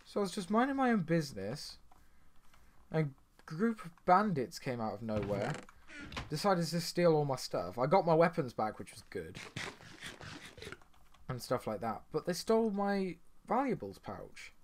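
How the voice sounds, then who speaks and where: A man's voice: a little high, big pitch swings, normal speed, long pauses, slight background noise. A young man casually commenting on his own game as he plays, chatty and rambling, with sudden surprised outbursts. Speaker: gaming channel host. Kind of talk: casual let's-play commentary.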